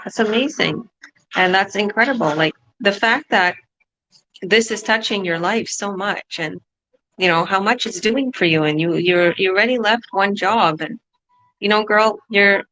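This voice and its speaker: A woman's voice: mid-range voice, normal speed, fairly bright tone, low-quality recording. A woman business coach hosting a motivational online talk, upbeat and preachy, often repeating herself.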